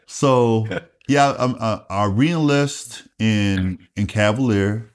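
A man's voice: fairly low pitch, measured pace. A middle-aged man from South Carolina, a retired Air Force master sergeant, telling stories casually with lots of swearing and acted-out dialogue. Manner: animated, profane, acts out dialogue. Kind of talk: casual storytelling interview.

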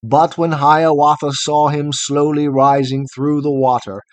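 A man narrating a long poem in a measured, rhythmic recitation. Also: a little high, flat delivery, no echo. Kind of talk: scripted poetry reading.

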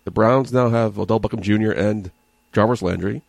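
Fast-talking man with gravelly voice. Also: fairly low pitch, no room sound. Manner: teasing, joking, swears. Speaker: podcast co-host. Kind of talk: casual chat.

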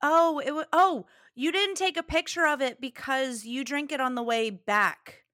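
A woman co-hosting a relaxed podcast, talking easily and laughing often. Her voice is bright and sits a little high. The sound is dry and close, with no room around it. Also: moderate pace, no room sound. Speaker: podcast co-host. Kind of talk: casual chat.

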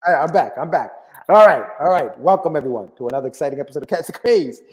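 A man's voice: a little high, quick pace, rough recording. Laid-back male podcast host. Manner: relaxed, loose, hip slang. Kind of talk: casual chat. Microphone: video call.

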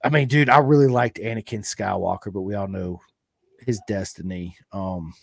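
A man's voice: on the low side, moderate pace, gravelly, no echo, studio quality. A man hosting a podcast in casual interview chat, enthusiastic and full of "dude" and "man". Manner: enthusiastic, says dude a lot. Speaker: podcast host.

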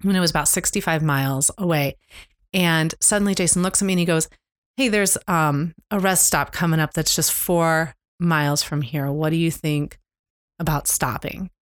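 A middle-aged woman co-hosting a podcast, candidly retelling a stressful family road trip in a halting, emotional way. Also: deep voice, dry recording, studio quality. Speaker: podcast co-host. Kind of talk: casual storytelling chat. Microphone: close podcast mic.

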